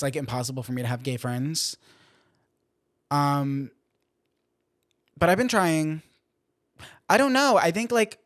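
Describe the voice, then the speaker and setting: Young male podcast host, slightly high voice, rambling and self-deprecating, dry recording. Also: dry recording. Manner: rambling, lots of "like" fillers, self-deprecating venting. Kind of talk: casual chat.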